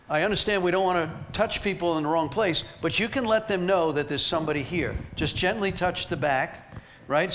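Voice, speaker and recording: A man teaching a ministry team and carrying his points through lively, emphatic stories. His voice sits a little high for a man. A faint background noise runs under his talk. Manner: animated, emphatic storytelling with laughs.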